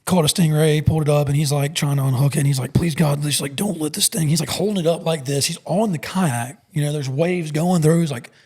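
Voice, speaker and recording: A man co-hosting a podcast, telling a story in casual, excitable chat, calling people bro and dude. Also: on the high side, quick pace, few pauses.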